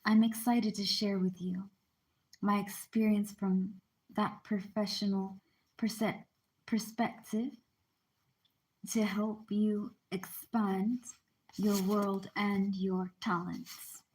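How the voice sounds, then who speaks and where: A woman's voice: medium pitch, level tone, slow pace, a little mellow. A woman reading a book aloud in a casual, chatty way, stopping now and then to explain terms and apologize. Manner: informal, breaks off to explain and apologize.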